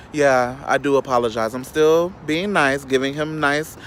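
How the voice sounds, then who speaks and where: A man's voice: medium pitch, a little hiss or hum. Sassy man ranting a storytime. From Chicago, South Side. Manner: sassy, animated, profane, quick asides to viewers. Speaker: vlogger. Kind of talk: casual storytime rant.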